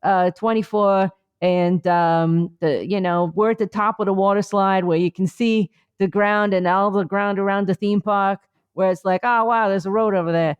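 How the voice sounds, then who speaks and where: A woman's voice: mid-range voice, fairly even intonation, normal speed, clear, resonant tone, lo-fi sound. A woman co-hosting a comedy podcast remotely, rambling through a mock-earnest mindfulness bit with many fillers. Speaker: podcast co-host. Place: remote, on vacation.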